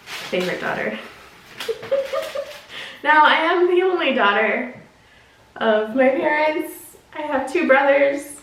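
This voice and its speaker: A woman's voice: high voice, lively intonation, takes it slowly, long pauses, fairly bright tone, a little hiss or hum. A woman casually chatting through an unboxing and try-on of clothes, gushing and talking to the items as she goes. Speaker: clothing subscription box reviewer. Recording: echoey room, mic at a distance.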